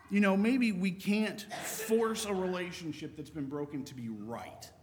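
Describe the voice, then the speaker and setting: Conversational preacher, higher-pitched man. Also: big pitch swings, normal speed, few pauses, slight background noise. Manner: conversational, reads scripture aloud. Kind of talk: sermon. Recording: long reverb of a large hall.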